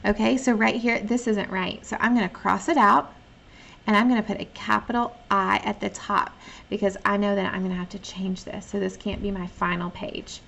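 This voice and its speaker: Gravelly-voiced teacher modeling her writing. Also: medium pitch, steady tone, fairly bright tone, slight background noise. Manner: patient, modeling her own thinking aloud; reads sample sentences slowly and clearly. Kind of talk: online lesson for young children.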